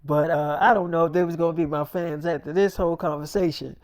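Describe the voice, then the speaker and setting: A man's voice: a little high, fairly even intonation, fast. A man casually telling a long personal story, rambling with lots of fillers and slang.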